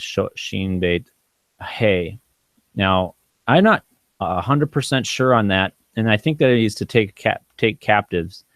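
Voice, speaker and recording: A man with a lowish voice walks through biblical Hebrew, thinking aloud with many ums and restarts. He slows right down to sound out Hebrew words syllable by syllable. The recording is dry, with no room echo. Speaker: Bible Hebrew teacher. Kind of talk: informal teaching walkthrough.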